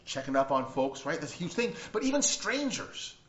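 A man's voice: a little high, big pitch swings, normal speed, a bit bright. Guy preaching casually, lots of "right?" and restarts, echoey room, kinda dull lo-fi sound. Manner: rambling, storytelling, frequent "right?" and restarts. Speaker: pastor. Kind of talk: conversational sermon.

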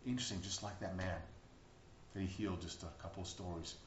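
A man's voice: fairly low pitch, sing-song, very fast. Earnest preacher man in a roomy room. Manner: earnest, swings from loud emphatic bursts to quiet reflective stretches. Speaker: pastor. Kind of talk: sermon. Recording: roomy, dull lo-fi recording.

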